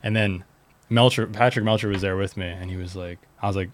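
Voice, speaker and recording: Talking fast in a low voice with fairly even intonation, this young guest, a pro skateboarder from Reading, Pennsylvania, spins a story. His delivery is relaxed and slangy and full of filler words.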